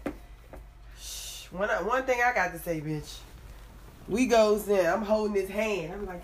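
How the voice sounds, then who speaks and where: A woman's voice: mid-range voice, measured pace, long pauses. Young woman telling a story, laughing. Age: 20s. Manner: laughing, profane, animated storytelling. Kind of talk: casual storytelling.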